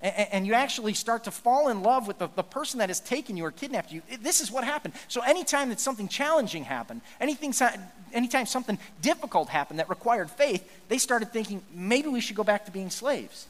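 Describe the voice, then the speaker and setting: Earnest high-voiced male pastor. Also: big pitch swings, fast talker, hardly any pauses, long reverb tail. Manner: earnest, conversational, frequent restarts. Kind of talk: sermon.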